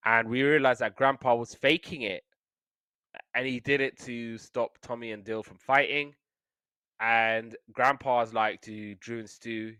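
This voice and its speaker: A man's voice: mid-range voice, normal speed, bright, forceful tone, clean tone, dry recording. A man hosting a podcast, casually recapping a cartoon episode in a rambling way, leaning on "obviously" and "like". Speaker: podcast host.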